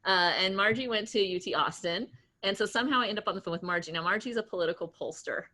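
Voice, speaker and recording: A woman in her late thirties, a guest entrepreneur in an interview, telling stories in a chatty, animated way with lots of laughs, fillers and restarts. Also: medium pitch, fast talker. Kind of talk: casual interview storytelling.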